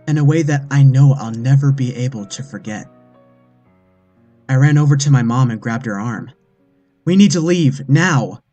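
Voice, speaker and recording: Man narrating a horror story. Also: mellow. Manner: earnest storytelling, with the mother's lines put on higher. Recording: faint music bed behind.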